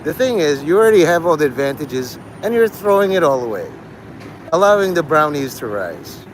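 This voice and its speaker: His fairly high, sing-song voice comes through poor audio at a fairly quick pace as he hosts a live stream. Loud street noise fills the background while he delivers a profane, rambling monologue that hops between topics.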